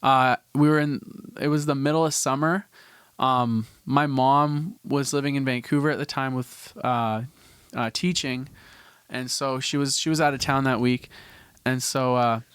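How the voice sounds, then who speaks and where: A young man from Canada tells a story on his podcast, circling back and restarting his sentences with casual swearing. His voice is smooth and clean, recorded close and dry with no room echo. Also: mid-range voice, steady tone, measured pace, fairly bright tone. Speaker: podcast host.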